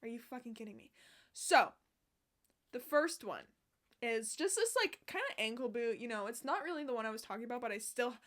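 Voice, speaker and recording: Brief: young woman, high bright voice, excitable and sassy, swears freely, outdoors. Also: moderate pace. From Canada. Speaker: vlogger. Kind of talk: casual chat. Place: outdoors on a sunny day.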